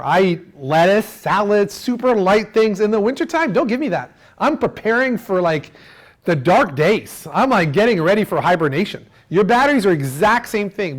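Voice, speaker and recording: A middle-aged man giving an animated seminar on marine electrics, using food analogies and acting out what customers say. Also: high voice. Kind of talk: lively technical seminar talk.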